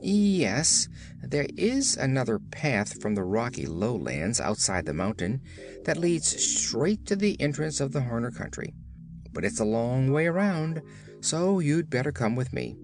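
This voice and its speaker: A man's voice: mid-range voice, very animated, unhurried, music in the background. A man voicing a proud one-legged male hopping champion in a storybook, in an earnest, formal manner.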